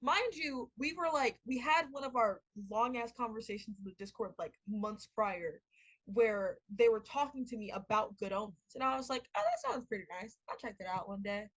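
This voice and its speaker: A young woman hosting a podcast in casual chat, animated, swearing and laughing as she tells a story. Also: on the high side, normal speed, rough recording. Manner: animated, laughing, swearing, heavy use of filler words. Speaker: podcast host.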